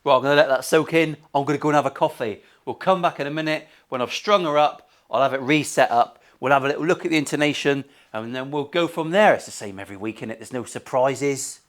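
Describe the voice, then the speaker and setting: A man's voice: mid-range voice, fast, few pauses, fairly bright tone. A middle-aged man, a luthier chatting casually through a workshop vlog, full of swearing and jokey banter. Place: guitar workshop.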